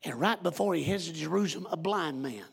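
A man preaching a sermon, telling a Bible story with animated direct address to his congregation in a church. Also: on the high side, fairly quick, vocal fry, slightly rough, big-room sound.

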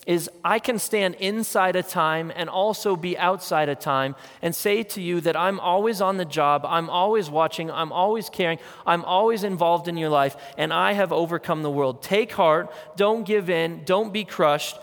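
A man's voice: high-pitched, moderate pace, a bit bright. A man preaching a sermon as pastor, talking earnestly and conversationally and pressing his points through repetition. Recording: long hall reverb.

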